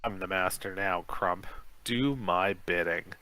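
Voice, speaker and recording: A brave, commanding uncle from a children's gamebook, voiced by a man reading aloud. His low, bright tone is recorded dry and close to the mic. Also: takes it slowly, dry recording, full character voice, poor audio. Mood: determined. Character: brave adult male uncle, determined.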